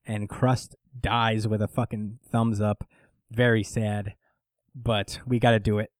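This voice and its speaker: A man co-hosting a casual manga chat, talking in an animated way, swearing often and acting out characters' lines. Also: fairly low pitch, unhurried, no room sound. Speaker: podcast co-host recapping manga.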